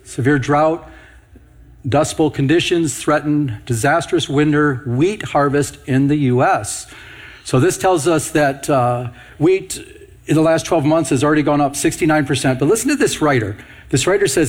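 A man's voice: fairly high pitch, normal speed. A middle-aged man preaches on prophecy in a slightly raised voice. He reads headlines and verses aloud and keeps putting questions to his listeners. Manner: asks rhetorical questions to the audience, reads news headlines aloud. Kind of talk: prophecy teaching sermon.

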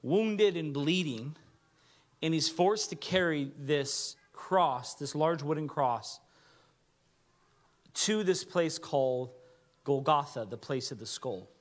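A man preaching a sermon with earnest delivery, dropping to a hush when he reads quoted words. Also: fairly high pitch, animated, takes it slowly, long pauses. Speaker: pastor.

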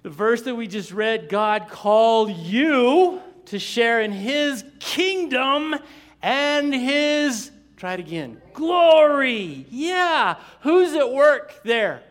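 A man preaching a sermon as pastor, slow and emphatic, drawing responses from the congregation with asides and chuckles. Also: very high voice, very animated, fairly bright tone.

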